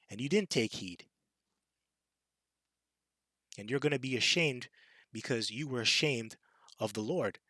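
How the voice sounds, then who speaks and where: A man's voice: medium pitch, sharp tone, no room sound. A man preaching a fiery, taunting scripture sermon, reading verses and mocking his listeners. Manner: fiery and taunting, with scornful impressions and laughs. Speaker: street preacher.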